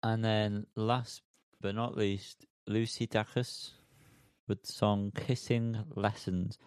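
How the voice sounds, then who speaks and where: A man's voice: lowish voice, little pitch movement, slow pace, a little mellow, clear, resonant tone, no room sound, studio quality. A man hosting a music podcast, teasing his co-hosts in casual chat. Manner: joking, teasing, wraps up the show. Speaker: podcast host.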